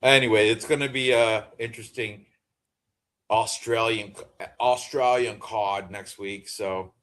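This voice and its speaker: A man's voice: fairly low pitch, fairly even intonation, a little slow, a bit bright. A man in his fifties co-hosting a sports betting show, rambling casually, laughing often and swearing freely. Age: 50s. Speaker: podcast co-host. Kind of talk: casual chat.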